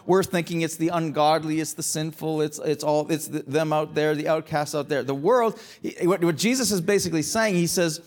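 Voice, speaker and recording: High-voiced preacher, earnest and emphatic. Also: male voice. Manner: earnest, repeats words and restarts often, builds to emphatic rhetorical questions. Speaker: pastor. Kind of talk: sermon.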